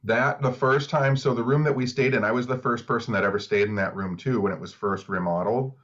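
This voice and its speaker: A man co-hosting a podcast, telling stories in a relaxed, easygoing way. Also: mid-range voice, fairly quick. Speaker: podcast co-host. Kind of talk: casual chat. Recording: slightly dull lo-fi mic.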